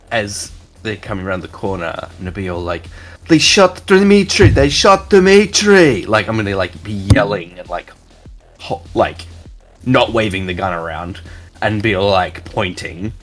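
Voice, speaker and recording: Low-voiced man player, rambling, filler-heavy. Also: steady tone, measured pace, long pauses, faint music behind. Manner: rambling, full of "like". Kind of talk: casual game chat.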